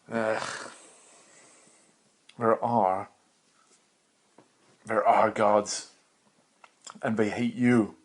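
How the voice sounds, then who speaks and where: Young man, lowish voice, solo podcast host, meandering profane rant, self-mocking. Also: flat delivery, drawn-out words, pauses often. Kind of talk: rambling solo monologue.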